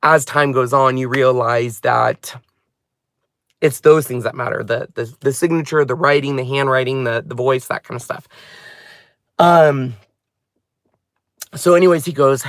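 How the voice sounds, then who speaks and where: A man hosting a crafting channel, telling a personal story in a halting, heartfelt way. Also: mid-range voice, dry recording, clean studio sound.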